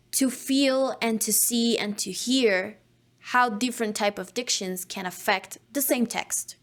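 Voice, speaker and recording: A woman teaching an online voice acting course, speaking in an instructive way and demonstrating diction drills. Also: on the high side.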